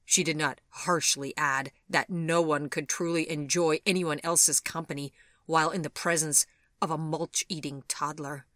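A woman narrating a storybook audiobook in a measured, expressive way. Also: sits low, dry recording, clean studio sound.

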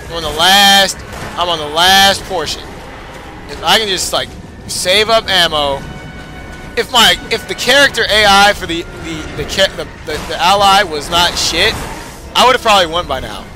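A man's voice: high voice, normal speed, music in the background. A young man giving casual, frustrated gameplay commentary, swearing and cheering himself on. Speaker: gamer.

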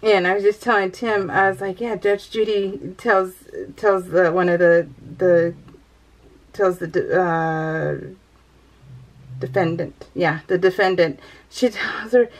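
A woman's voice: lowish voice, fairly even intonation, takes it slowly. A young woman from California talks casually through a crafting vlog. She rambles, giggles often, and lets her phrases drift into a sing-song lilt. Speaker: vlogger. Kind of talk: casual chat while crafting.

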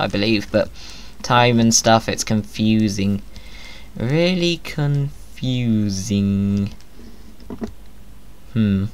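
A man giving playful, jokey commentary over his own gameplay, often talking to himself. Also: mid-range voice. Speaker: Minecraft video creator.

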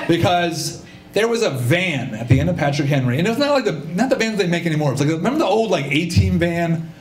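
Man, live storyteller, high lively voice, roomy stage sound. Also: fast, slight background noise. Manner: animated, acts out voices, audience laughter. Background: audience laughter.

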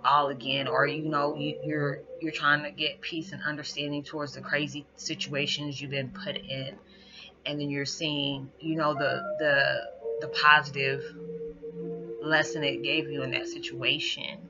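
A man talking in a casual spiritual vlog, halting and full of "you know", near tears at times. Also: fairly high pitch, level tone. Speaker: spiritual vlogger. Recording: dull lo-fi audio with music behind. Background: background music.

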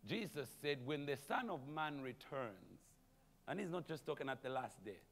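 A man preaching a sermon as pastor, animated, calling out to the congregation and chuckling between points. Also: medium pitch, moderate pace, creaky, big-room sound. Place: church sanctuary.

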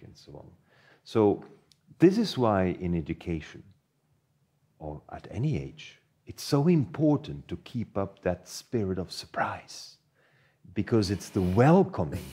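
A panelist sharing his views in an animated way, full of asides. His voice is low and husky, and his tone is dark and mellow. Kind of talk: conversational panel discussion.

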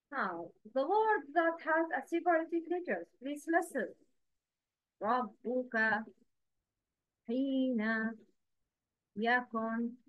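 High-pitched woman teacher, slow and patient, asks you to repeat after her, dull dry lo-fi sound. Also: no room sound. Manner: counts and quizzes listeners directly. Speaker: Quran recitation teacher.

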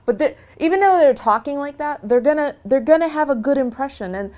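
Earnest, animated woman in an interview. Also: fairly quick. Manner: earnest and animated, with lively swings in pitch; conversational, often restarting phrases. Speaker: interviewee, religious convert. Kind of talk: long-form interview, casual personal talk.

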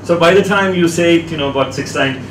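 A man's voice: fairly high pitch, fast talker, noisy background. Male teacher quizzing a classroom. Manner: questioning, coaxing students. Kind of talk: classroom lecture. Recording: echoey classroom from far off.

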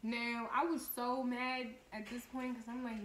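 A young woman vlogger recounts a story in a blunt, animated, profanity-laced way. Her voice sits on the high side and rings in an echoey room. A faint hiss runs under it. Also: measured pace, hardly any pauses. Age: young adult. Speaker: vlogger and lash tech. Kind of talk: storytime monologue.

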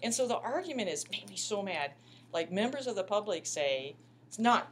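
A woman's voice: medium pitch, big pitch swings, moderate pace, slight background noise. A middle-aged woman teaching a microbiology lab class, talking in a chatty, impassioned way and calling her students "you guys". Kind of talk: classroom lecture.

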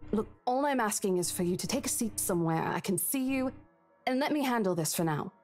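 An actress voicing a caring woman real estate agent in a game, speaking gently and with concern. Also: medium pitch, lively intonation, brisk, soft background music, close to an everyday voice. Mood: firm. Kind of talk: game voice acting.

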